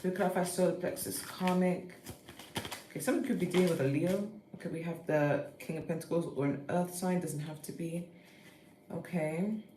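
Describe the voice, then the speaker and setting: Low-voiced woman with a morning voice, chatty tarot reader. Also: fairly even intonation, normal speed, reverberant, noisy background. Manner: chatty, thinks aloud, self-interrupting. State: early-morning voice. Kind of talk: casual tarot card reading.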